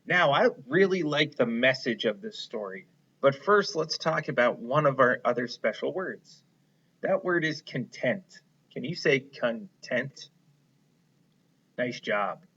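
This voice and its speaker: A man's voice: medium pitch, expressive, slow pace, a bit bright, slightly rough, muffled recording. A male elementary school teacher reading a picture book aloud and explaining it to young children in a patient, encouraging way.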